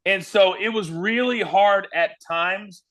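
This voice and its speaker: A man's voice: high-pitched, slow pace. A man from Kansas, a former wrestling broadcaster, telling stories as a guest and acting out the quotes. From Kansas, USA. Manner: animated storyteller who acts out quotes. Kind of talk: casual interview storytelling.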